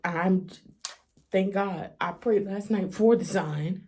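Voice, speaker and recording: A woman's voice: medium pitch, slow, a little mellow. A woman speaking emotionally to her vlog audience, near tears as she confides. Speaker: vlogger. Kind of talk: personal vlog confession.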